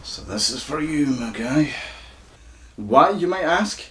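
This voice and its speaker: A Scottish YouTuber with a croaky voice, casually flubbing takes and swearing at his own mistakes. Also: on the high side, animated, slow pace, fairly bright tone, slight background noise. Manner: swears freely at his own flubs, self-mocking.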